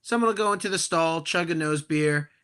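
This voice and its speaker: A young man in his twenties telling a profane, animated story on a casual podcast. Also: fairly high pitch, fairly quick, clear, resonant tone. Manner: animated, profane, acts out quoted voices loudly.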